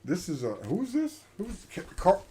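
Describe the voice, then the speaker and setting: A man hosts a casual livestream, joking around and laughing often. His voice sits a bit high for a man, and he keeps the banter loose and playful. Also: wildly swooping pitch, normal speed, mellow. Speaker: show host.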